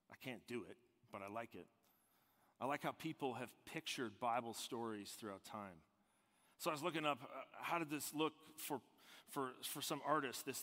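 A man preaching a sermon as pastor, swinging from loud emphatic peaks down to a hushed near-whisper. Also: mid-range voice, big-room sound.

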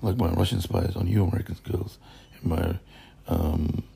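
Man, rambling monologue, dark mellow voice, gravelly, heavy swearing, loud outbursts and low mutters. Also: steady tone, normal speed. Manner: profane, rambling, jumps between topics.

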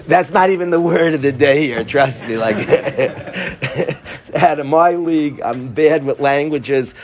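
A man's voice: a little high, slow, a crowd in the background. A man teaching a Torah class to students, pleading and passionate, joking with them at times.

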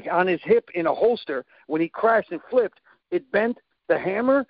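Male storyteller, high animated voice with gravel, acts out sound effects; dry, slightly muffled recording. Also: normal speed, no room sound. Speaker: guest telling a story. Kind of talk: casual storytelling.

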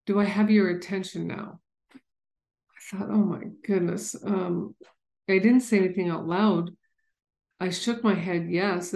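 A woman's voice: fairly low pitch, warm tone, roomy sound. A woman earnestly telling a personal story in a candid, conversational way. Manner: earnest, candid, with frequent restarts. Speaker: speaker sharing a personal story.

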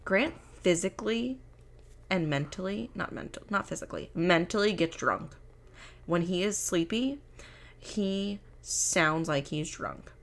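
Young woman co-host, low gravelly voice, lively storyteller who acts out quotes. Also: a little slow. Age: young adult. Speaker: podcast co-host. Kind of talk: casual chat.

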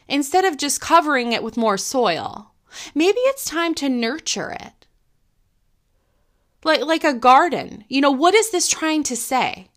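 A middle-aged woman talks through her thoughts in an earnest, gentle monologue. Her voice sits a little high and rings bright and clear. She circles back and restarts phrases as she thinks aloud. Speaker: podcast host. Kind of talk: reflective spoken monologue.

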